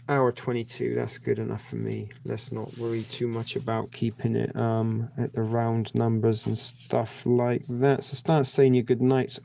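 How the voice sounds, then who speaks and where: Brief: man, live-stream host, rambling jokey sign-off, mellow gravelly voice. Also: mid-range voice. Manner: rambling, jokey, thanking viewers. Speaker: livestream host.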